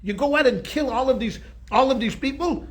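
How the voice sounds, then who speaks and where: A man's voice: extremely high pitch, fairly quick, voice pushed up. A man voicing a furious old male patriarch who scolds his sons in a sputtering, angry way.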